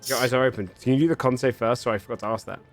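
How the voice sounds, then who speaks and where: A man's voice: mid-range voice, fairly even intonation, very fast, soft background music. A man running a tabletop game as game master, narrating scenes in a loose, descriptive way full of "kind of" and "like".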